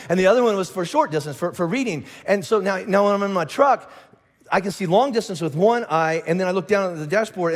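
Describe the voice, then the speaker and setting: A middle-aged man preaching a sermon, telling stories with animated asides and frequent restarts, in a large church auditorium. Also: sits high. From Indiana. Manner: animated storytelling with lots of restarts and acted asides. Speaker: pastor. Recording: long hall reverb.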